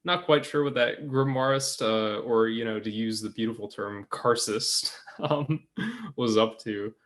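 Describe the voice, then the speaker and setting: A man co-hosting a podcast in casual chat, speaking in a measured, thoughtful way. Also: on the low side, fairly bright tone. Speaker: podcast co-host.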